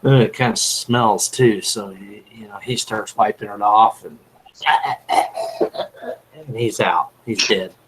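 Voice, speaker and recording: A man's voice: lowish voice, steady tone, slow pace, a bit bright, slight background noise, rough recording. A man on a panel telling a long story in a loose, rambling way, filling his talk with "you know". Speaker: panel guest. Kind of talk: casual storytelling.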